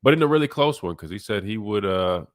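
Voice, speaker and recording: Low-voiced, congested male radio host. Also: expressive, brisk, no echo, studio quality. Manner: casual, rambling, many fillers. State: nasal, congested voice. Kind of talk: sports talk radio.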